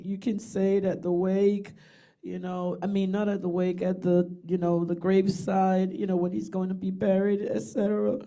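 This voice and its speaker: A woman's voice: mid-range voice, warm tone. A middle-aged woman, giving tender, rambling eulogy remarks for her brother over a video call. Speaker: bereaved sister giving a eulogy.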